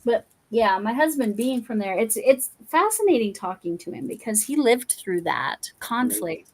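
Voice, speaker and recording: With a fairly high, expressive voice at normal speed, a Colorado woman hosts a relaxed crafting livestream. Her talk rambles, full of fillers and frequent restarts.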